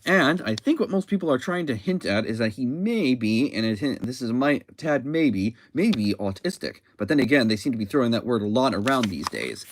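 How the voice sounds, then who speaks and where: A man casually reviewing a comic book, talking in a halting way with frequent restarts and self-corrections. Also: mid-range voice, sing-song, slight background noise.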